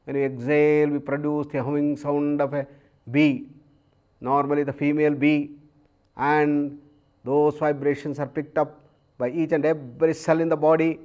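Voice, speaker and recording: A man with an Indian English accent giving a calm, measured yoga lecture, explaining breathing practices with long pauses. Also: on the high side, highs cut off. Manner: chants Sanskrit verses slowly. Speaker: yoga teacher.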